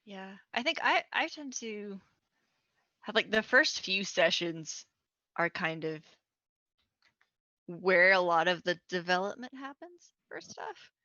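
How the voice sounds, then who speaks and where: A woman on a tabletop gaming panel, thinking aloud in a halting way with many restarts, recorded with dull, muffled audio. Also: medium pitch, lively intonation, pushed and bright, dry recording. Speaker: tabletop game player, panelist. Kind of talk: casual panel chat.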